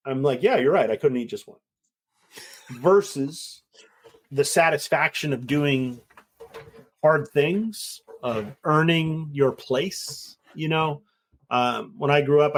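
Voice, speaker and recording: A middle-aged man as an interview guest, talking in an earnest, rambling way and now and then acting out quoted voices. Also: medium pitch. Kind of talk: casual conversation.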